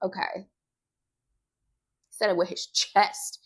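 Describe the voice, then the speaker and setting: A woman with a fairly high voice that swoops up and down as she talks. She takes her time and lingers on words, then hammers each point home with "okay?". She speaks straight to her viewers in a casual, animated chat. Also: slow pace. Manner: animated, emphatic, keeps adding "okay?"; addresses viewers directly as "y'all". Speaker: host reviewing a TV show.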